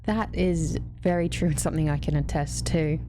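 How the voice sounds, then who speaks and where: A woman's voice: low-pitched, fairly even intonation, moderate pace, a crowd in the background. A woman casually commenting as she plays a video game, chatty and easily amused. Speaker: let's play host.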